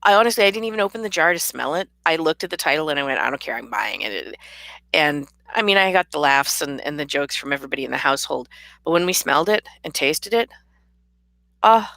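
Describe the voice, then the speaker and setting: Low, gravelly-voiced woman chatting. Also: quick pace, fairly bright tone, no echo. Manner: chatty, rambling, laughs often. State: tired, yawning. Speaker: vlogger and author. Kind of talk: casual chat to camera. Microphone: camera mic.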